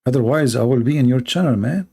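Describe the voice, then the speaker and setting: A man's voice: mid-range voice, quick pace, vocal fry, mellow, breathy edge. Sarcastic man hosting a reaction stream. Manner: mocking, sarcastic, non-native English phrasing. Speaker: channel host reacting to a video. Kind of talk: sarcastic live-stream commentary.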